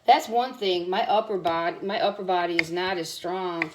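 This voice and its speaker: Chatty low-voiced woman with bronchitis. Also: moderate pace. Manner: rambling, blunt, chatty with fillers. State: sick with bronchitis, coughing. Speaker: cooking vlogger. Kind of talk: casual chatty cooking vlog. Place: home kitchen.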